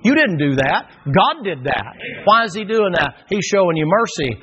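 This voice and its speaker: A man's voice: high voice, big pitch swings, moderate pace, crowd noise. A middle-aged man, preaching a sermon in a folksy, emphatic way and repeating phrases for force. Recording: dull lo-fi sound.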